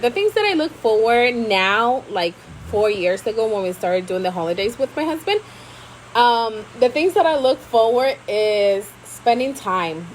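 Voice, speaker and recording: A woman's voice: a little high, a little hiss or hum, low-quality recording. A woman, hosting a casual live stream, chatting expressively and switching freely between Spanish and English. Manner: expressive, laughs often.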